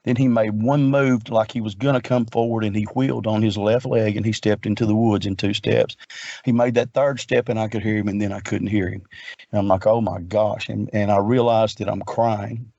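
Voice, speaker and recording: A man's voice: fairly low pitch, fairly even intonation, moderate pace, vocal fry, mellow, dry recording, highs cut off. A middle-aged man telling a long personal story in an earnest, rambling way, often repeating himself. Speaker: guest researcher. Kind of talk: casual storytelling.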